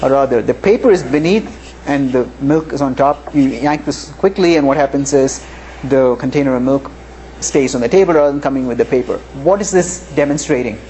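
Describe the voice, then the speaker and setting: A man with a mellow, mid-range voice speaks a little fast while teaching physics live in a lecture hall. He talks conversationally and often checks in with "right?"; faint room noise is present.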